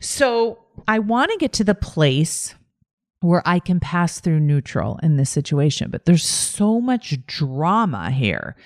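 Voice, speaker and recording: A woman hosting a podcast as a life coach, teaching in a calm, emphatic monologue with repeated phrases. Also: low voice, slow, no room sound, clean studio sound.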